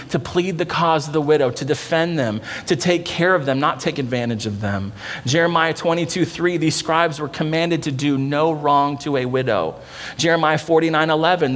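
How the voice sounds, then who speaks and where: A man pastor preaching a sermon in an earnest, conversational way, often dropping low and soft to drive a point home. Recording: long church-hall reverb.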